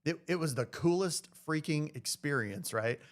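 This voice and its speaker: A man, a real estate agent, telling a story in an animated, chatty way as a podcast guest. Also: on the high side, normal speed. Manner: animated, chatty, says "dude" and "you know". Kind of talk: casual storytelling.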